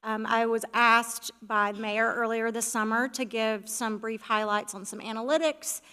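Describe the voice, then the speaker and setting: A woman's voice: fairly high pitch, steady tone, moderate pace, sharp tone, clean tone. A woman on the village staff presenting a website report to the council in an organized, friendly, explanatory way. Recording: reverberant meeting hall.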